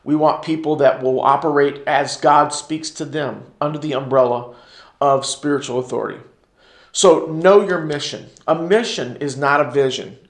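Gravelly man teaching in an echoey church. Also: fairly high pitch, normal speed. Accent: American. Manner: call-and-response, repeats key phrases for emphasis. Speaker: teacher at a church ministry class. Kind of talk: sermon-style teaching. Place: church classroom.

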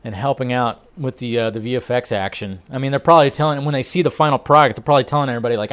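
A man hosting a casual entertainment news talk, animated and rambling, laughing often. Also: medium pitch, rapid-fire, hardly any pauses, smooth. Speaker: host.

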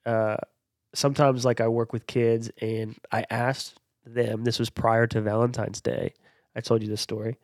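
A man's voice: mid-range voice, dry recording, studio quality. Man chiming in on a podcast. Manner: lively storyteller who quickly agrees and chimes in. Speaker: podcast co-host. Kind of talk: casual chat.

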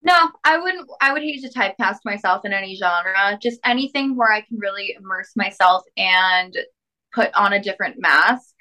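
A woman's voice: mid-range voice, expressive, moderate pace, sharp tone, low-quality recording. A young woman with a lisp, chatting upbeat as a podcast guest with many fillers. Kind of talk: casual interview chat.

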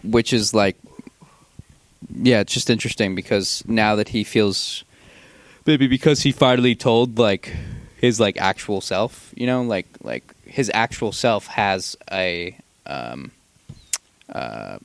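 Low-voiced laid-back man. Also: slow pace, vocal fry, no echo. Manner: laid-back, agreeable, trails off into murmurs. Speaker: podcast co-host. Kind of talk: casual film review chat.

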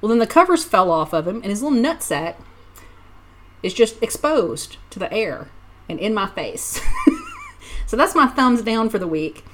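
A woman co-hosts a casual podcast, telling chatty stories and laughing often. Her voice is mid-range with a sharp tone.

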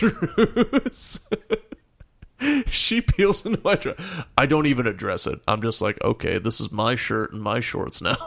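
In casual chat, a young man tells a story with a gravelly, fry-heavy voice of medium pitch. He's profane and animated, bursting into shouts and laughter.

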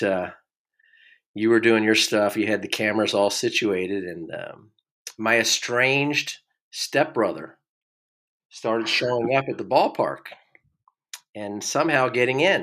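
A man's voice: on the low side, a bit bright. A middle-aged man and former ballplayer hosting a podcast, telling rambling stories with repeated words and chuckles. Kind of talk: casual storytelling chat.

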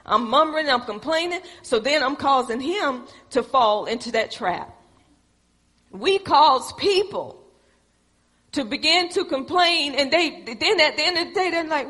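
A woman's voice: high voice, lively intonation, measured pace, a bit bright. A woman preaching a sermon, folksy and calling on the congregation for responses. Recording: echoey hall with long reverb.

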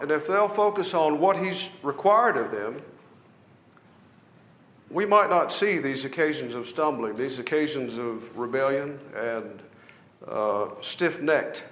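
A man's voice: a little high, fairly bright tone, roomy sound. A man teaching a Bible class, reading verses aloud and asking the class questions that he then answers himself. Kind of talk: Bible study lesson, reading scripture aloud.

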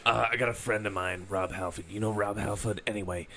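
A man voicing a campy male wrestler with a raspy smoker's voice, drawling bitchy trash talk. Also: fairly low pitch, steady tone, fairly quick, background noise, natural voice. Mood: gossipy.

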